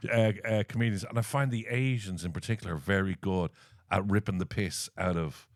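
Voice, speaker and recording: An Irish man co-hosting a podcast in casual, jokey chat, riffing eagerly. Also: on the low side. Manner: animated, jokey, quick to riff. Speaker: podcast co-host.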